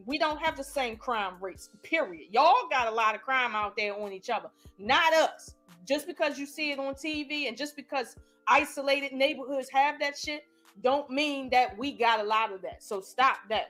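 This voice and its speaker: A woman's voice: high voice, a bit bright. A woman on a live-stream panel, arguing her point emphatically in casual debate. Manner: argumentative, emphatic.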